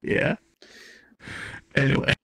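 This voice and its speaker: A man's voice: takes it slowly, fairly bright tone, poor audio. A man improvising a comedic role-play as God, rambling and profane, often cutting himself off mid-sentence. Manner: rambling, profane, self-interrupting. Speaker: streamer.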